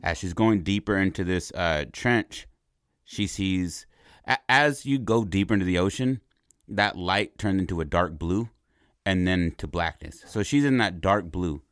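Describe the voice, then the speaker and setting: Deep-voiced guy rambling thru a movie pitch, keeps saying right?, dry close sound. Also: a little slow, no echo. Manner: rambling and animated, repeats words, asks "right?". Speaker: podcast host pitching a movie idea. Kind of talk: casual storytelling.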